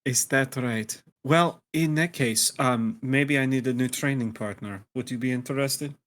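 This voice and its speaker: A man voicing a hungover young woman fighter in a tabletop game, speaking low, quiet and sarcastic. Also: moderate pace, natural voice. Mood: cutting.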